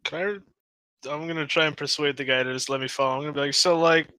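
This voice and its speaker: A man's voice: medium pitch, fairly even intonation, quick pace, pushed and bright, clean tone, no echo. A man playing in a tabletop game, rambling casually. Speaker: player.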